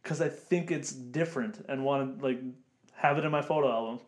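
A man's voice: mid-range voice, fairly quick. A young man co-hosting a casual podcast chat, swearing a lot and ranting with heat. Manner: profane, heated and ranting. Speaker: podcast host.

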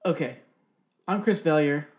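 A man's voice: on the high side, normal speed, darkish tone, dull audio. Joking forty-something man, casual podcast chat. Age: 40s. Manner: loose, joking, swears freely. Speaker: podcast co-host.

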